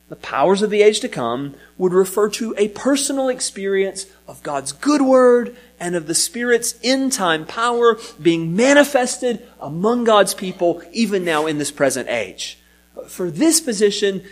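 A pastor with a high-pitched voice preaches a sermon teaching from scripture. His emphatic delivery keeps rising and falling, and he occasionally repeats a word.

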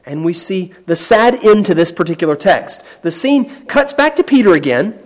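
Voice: medium pitch, lively intonation, normal speed. A Bible teacher giving a sermon, explaining a passage with emphasis and often repeating words.

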